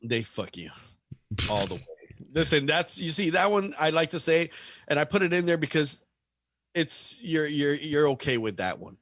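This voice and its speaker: A man's voice: fairly high pitch, big pitch swings, normal speed, fairly bright tone, no echo, clean studio sound. A man in a casual podcast chat, ranting and telling a story with lots of swearing and animation.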